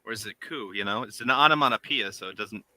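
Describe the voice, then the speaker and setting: A man's voice: fairly low pitch, quick pace, pushed and bright, no echo, low-quality recording. A man from New England chatting casually and joking on a livestream about making a puppet, laughing easily and swearing now and then.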